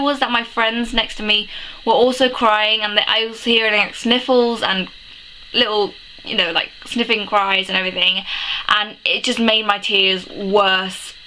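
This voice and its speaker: There's a little hiss or hum on this rough recording of a young woman's emotional film review vlog. Her mid-range voice is bright and forceful, and she's sniffly from crying as she rambles and gushes, exclaiming and laughing throughout.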